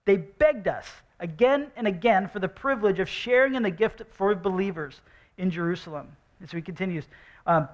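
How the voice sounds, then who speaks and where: Young male pastor, high voice, preaches loosely and conversationally, with dry sarcastic asides. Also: animated, a little fast, fairly bright tone. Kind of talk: sermon.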